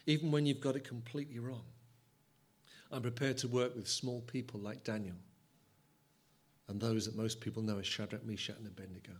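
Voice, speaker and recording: A man speaking as God in a calm, patient voice that is low, quiet and measured. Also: natural voice. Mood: solemn.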